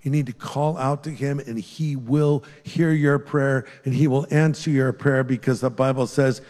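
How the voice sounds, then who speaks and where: An older man preaching a sermon and leading an altar-call prayer, earnest and pleading, rising on key phrases and dropping soft to pray. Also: medium pitch, steady tone, moderate pace. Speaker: pastor. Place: large church hall with a live congregation. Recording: long hall reverb.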